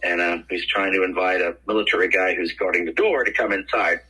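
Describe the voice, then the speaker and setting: Animated older man telling stories. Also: low-pitched, brisk, breathy edge, rough recording. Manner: animated storyteller, acts out quoted voices. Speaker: actor guest. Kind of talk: casual podcast interview storytelling.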